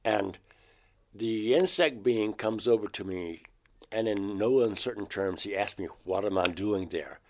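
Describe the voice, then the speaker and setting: An older man from Georgia, USA, appears as an interview guest, earnestly recounting things he has lived through. His voice sits lowish and unhurried, and he acts out remembered dialogue with sudden loud outbursts.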